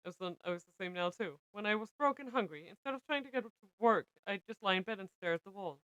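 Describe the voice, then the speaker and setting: A young woman streaming, reading a visual novel aloud with expressive narration. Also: medium pitch, fast, no room sound, rough recording. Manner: expressive narration, breaks into laughter.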